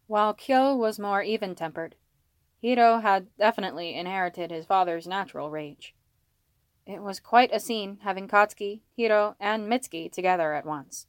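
A woman's voice: mid-range voice, moderate pace, smooth, dry recording. Woman narrating a fan story. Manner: reads dialogue with small voice changes for characters. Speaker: fanfiction reader. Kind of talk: audiobook-style story narration.

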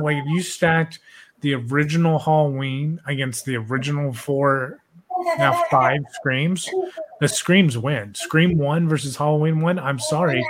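Young male podcast host, casual and profane, loose rambling delivery. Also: a little high. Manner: profane, laid-back, rambling with many "like"s.

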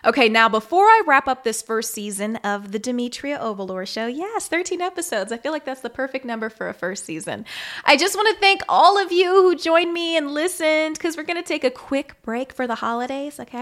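A woman's voice: fairly high pitch, fairly bright tone. A young adult woman hosting her own podcast, talking casually and often checking in with "okay?". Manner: chatty, often ends with "okay?". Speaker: podcast host. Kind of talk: casual solo podcast monologue.

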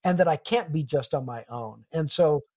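A man's voice: a little high, moderate pace, a little mellow. A middle-aged man, a pastor and author, talking earnestly and reflectively in an interview, with a touch of humor. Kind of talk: conversational interview.

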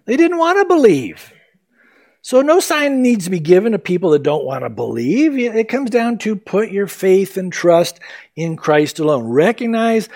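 A man preaching a sermon, retelling Bible stories with animated delivery and acted-out quotes. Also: high-pitched, moderate pace. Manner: animated storytelling, acting out quoted voices. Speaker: pastor.

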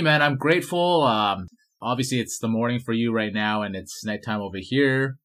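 A man's voice: mid-range voice, normal speed, a bit bright. A man from Vancouver hosting a casual podcast interview, friendly and enthusiastic. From Vancouver, Canada. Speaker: podcast host.

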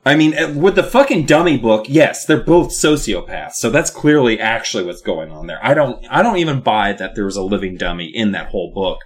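A man's voice: fairly low pitch, lively intonation, fairly quick, few pauses, husky. A man co-hosting a casual comedic podcast, riffing in a rambling, profane way. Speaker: podcast co-host.

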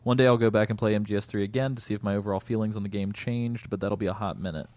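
A man's voice: fairly low pitch, rapid-fire, darkish tone, dry recording. A man co-hosting a podcast in a casual, laid-back chat, with plenty of fillers and easy laughter. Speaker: podcast co-host.

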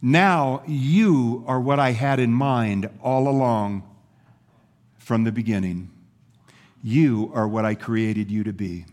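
A pastor voicing a patient master potter who quietly explains his work to a teacup in a sermon story. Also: mid-range voice, takes it slowly, natural voice. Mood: reassuring. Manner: quiet, gentle, reassuring.

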